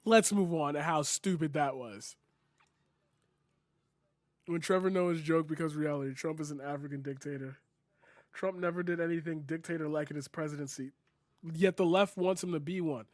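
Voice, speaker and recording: A man's voice: on the high side, normal speed, pauses often, no room sound, studio quality. A young man reacting to clips, sarcastic and incredulous, swearing freely and filling his talk with "like" and "bro". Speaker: commentary streamer. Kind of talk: reaction commentary.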